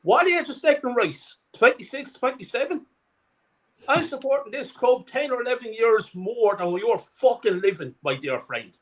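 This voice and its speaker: A man's voice: very high-pitched, animated, moderate pace, rough recording. A middle-aged man, co-hosting a fan channel and delivering an angry, profane rant. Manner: furious, profane, shouting rant. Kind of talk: angry ranting fan commentary.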